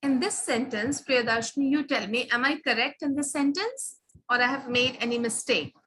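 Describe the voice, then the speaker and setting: High-voiced woman teaching. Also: normal speed, a bit bright, slightly rough, low-quality recording. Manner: patient, questioning, stresses key words. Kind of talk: classroom grammar teaching.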